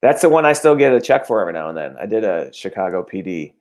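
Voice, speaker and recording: A man guesting on a podcast, chatting loosely and halting between thoughts. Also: low voice. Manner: relaxed, halting with fillers. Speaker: guest comedian. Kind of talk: casual chat.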